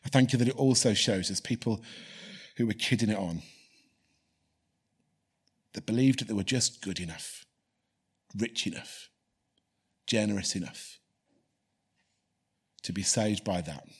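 A man's voice: on the low side, unhurried, long pauses, breathy edge. A man preaching a sermon and leading a prayer, earnestly repeating key phrases for emphasis. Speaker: pastor.

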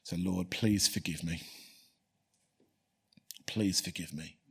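Male pastor, lowish husky voice, earnest and repetitive. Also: steady tone, slow, fairly bright tone. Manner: earnest, repeats key phrases for emphasis. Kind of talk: preaching, then leading a prayer.

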